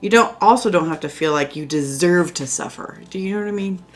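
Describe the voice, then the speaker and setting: Lady doing a laid back tarot read at home, talks low, lots of likes and you knows. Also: brisk, faint music behind. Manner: chatty and reassuring, many fillers. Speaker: tarot reader. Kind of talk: casual spoken tarot reading. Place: indoors at home by a window.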